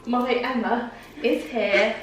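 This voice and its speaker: A woman, chatting casually in a vlog, bubbly and gushing, her voice leaping up when excited. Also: fairly high pitch, slow pace, background noise. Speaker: vlogger. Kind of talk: casual chat.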